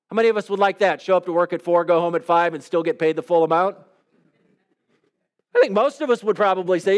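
Male preacher, high voice, chatty sermon delivery, lots of rhetorical questions to the room. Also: fast talker. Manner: conversational, asks the listeners rhetorical questions. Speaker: pastor.

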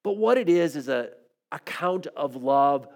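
A man preaching a sermon, telling stories, dropping to soft quiet phrases and rising to emphatic ones. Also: on the high side, lively intonation, measured pace. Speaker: pastor.

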